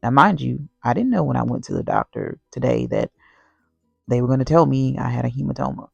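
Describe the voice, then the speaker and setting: A woman's voice: a bass voice, animated, brisk, gravelly, a little mellow, breathy edge, no echo, highs cut off, soft background music. A woman telling a personal faith story to the camera, rambling and earnest, with constant "you know" fillers. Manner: earnest and heartfelt. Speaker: vlogger sharing a personal story. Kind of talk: casual faith testimony.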